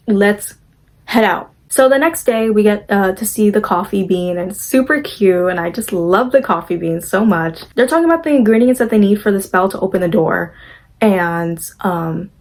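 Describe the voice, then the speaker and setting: A woman's voice: mid-range voice, low-quality recording. A young woman casually recapping a movie, chatty and gushing, acting out the characters' lines as she goes.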